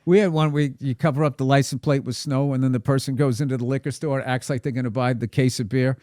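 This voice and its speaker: A man's voice: mid-range voice, quick pace, dry recording, clean studio sound. A comedian guest telling a long, profane story on a podcast, laughing as he goes. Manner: profane, animated, laughs through his story.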